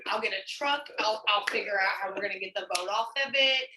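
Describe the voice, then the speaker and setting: A woman's voice: mid-range voice, a little fast, roomy sound, distant mic, background noise. A woman talking as a guest on a podcast, casual and profane, filling her talk with "like".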